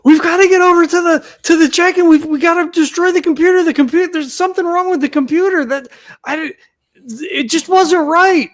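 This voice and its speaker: A man voicing a frantic, very animated adventurer who shouts urgently in a high voice. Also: brisk.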